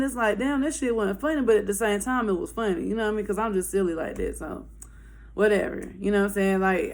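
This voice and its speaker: A woman telling a wild story to her viewers in casual slang, animated, profane and laughing. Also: medium pitch.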